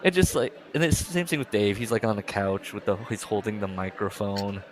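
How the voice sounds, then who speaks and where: A man chatting casually as a podcast co-host, with a voice a little lower than most men's. He wanders through his stories with plenty of fillers, stops and restarts. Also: expressive, a little fast. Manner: rambling storyteller with many fillers and restarts. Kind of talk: casual chat.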